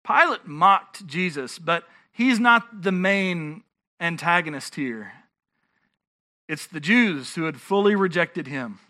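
High, bright-voiced preaching man. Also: animated, slow. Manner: earnest, emphatic preaching with frequent restarts. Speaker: pastor. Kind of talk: sermon.

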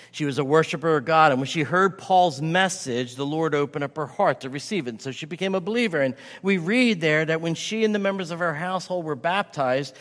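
A man preaching with a fairly high voice, pressing his points home by saying them again and again. His words ring out with a long reverb, as if he is in a large hall. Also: fairly bright tone. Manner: emphatic, repeats key phrases for stress. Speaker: pastor. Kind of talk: sermon.

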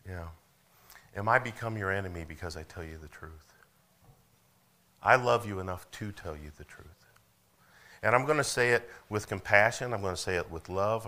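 A middle-aged man preaching a sermon, stumbling over repeated words, asking for amens and building to loud, rising passages. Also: fairly low pitch. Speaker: pastor.

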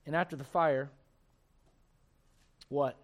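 High-voiced preacher swinging loud to hushed. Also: male voice, fairly even intonation, slow. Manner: swings from shouting intensity to hushed gentle tones. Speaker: pastor. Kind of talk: sermon.

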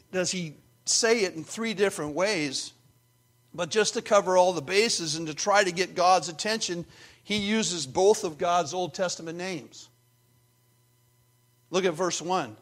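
A male pastor preaches an earnest sermon with a slightly high voice. He drops to quiet, confiding asides and then builds back up to emphatic points. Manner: earnest, swings from hushed to emphatic.

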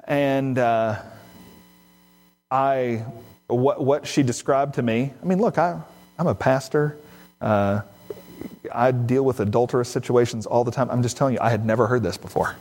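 A man's voice: mid-range voice, normal speed, long pauses, a little mellow. A middle-aged man, a pastor, preaching a sermon and telling a counseling story with quoted dialogue at a varying pace.

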